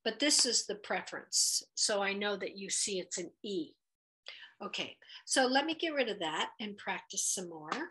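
A woman teaching a Hebrew letters lesson, patient and encouraging, sounding out each letter and vowel slowly. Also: medium pitch, animated, sharp tone. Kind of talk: children's lesson at a whiteboard.

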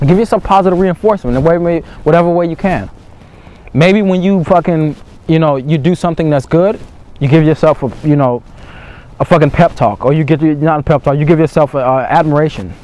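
Young male coach, fairly high voice, earnest and repetitive, casual swearing. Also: darkish tone. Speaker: dating coach. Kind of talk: motivational monologue.

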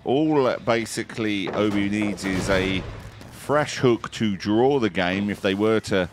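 A man doing excitable, jokey play-by-play commentary on a competitive video game. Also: on the low side, a little slow, background noise. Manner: excitable, jokey, quoting movie lines. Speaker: esports caster.

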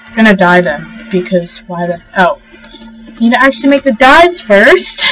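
A young woman hosting a casual let's-play, gushing and excitable as she talks to the animals in the game. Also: mid-range voice, normal speed, rough recording. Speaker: gaming channel host. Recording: faint game music behind.

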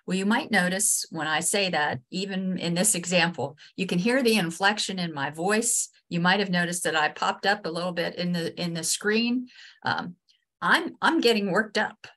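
A woman trainer with a West Virginian accent giving a webinar lesson over a video call, earnest and halting, with many restarts and fillers. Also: on the low side, fairly bright tone. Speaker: state ombudsman and trainer.

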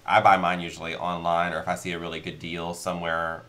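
A man's voice: low voice, monotone, fast talker, sharp tone. A man hosting a live board game session, joking with the table and explaining the rules and what comes next. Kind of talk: casual chat while playing a board game.

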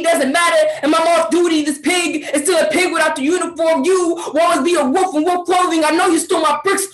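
A young woman performing a slam poem with a dramatic delivery that swings between quiet and shouted lines. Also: very high-pitched. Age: young adult. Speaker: slam poet. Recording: roomy echo.

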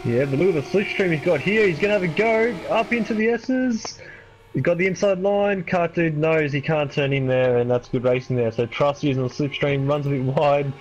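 A man giving relaxed, analytical color commentary on a sim race, with some teasing asides. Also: fairly high pitch, normal speed, slight background noise, low-quality recording.

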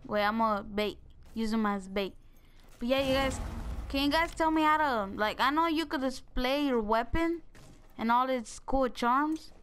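A young woman giving casual, excitable gameplay commentary, joking and talking straight to her viewers. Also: sits high, moderate pace, a little hiss or hum. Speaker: gaming video creator.

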